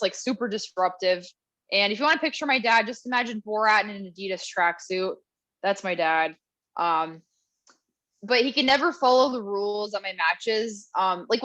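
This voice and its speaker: Young woman comic, bright voice, high-ish pitch, dry close sound, chatty ironic delivery. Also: dry recording, rough recording. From Canada. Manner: chatty, quick asides, ironic. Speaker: stand-up comedian. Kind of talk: stand-up set over video call.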